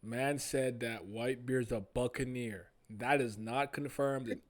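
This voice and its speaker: A man in casual chat with friends, talking in an animated, mocking way and stretching words out for emphasis. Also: mid-range voice, unhurried.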